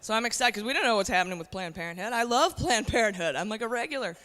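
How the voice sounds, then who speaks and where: Racing along in a high-ish, expressive, fairly bright voice, a woman in her forties performs stand-up at a comedy club, brash and chatty and addressing the crowd directly. The recording has long hall reverb and faint noise.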